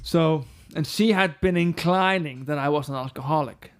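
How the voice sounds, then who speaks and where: Blunt, profane Icelandic rock singer. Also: male voice, a little high, moderate pace, clean tone. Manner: frank and profane, acts out quoted dialogue. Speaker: rock band frontman, guest. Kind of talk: candid interview storytelling.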